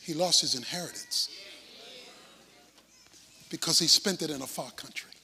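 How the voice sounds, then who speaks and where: A man preaching a sermon, dramatic, swinging from shouts to hushed asides. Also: on the high side, moderate pace, slightly rough, big-room sound.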